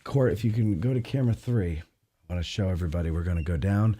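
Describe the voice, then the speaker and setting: Mellow-voiced man joking in a studio. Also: low-pitched, fast. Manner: joking, storytelling, mimics voices. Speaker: co-host. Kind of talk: casual studio chat.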